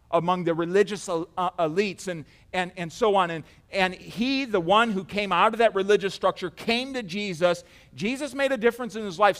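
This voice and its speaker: A man preaching a sermon, repeating words and swinging between emphatic declarations and quiet, hushed passages. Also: high-pitched.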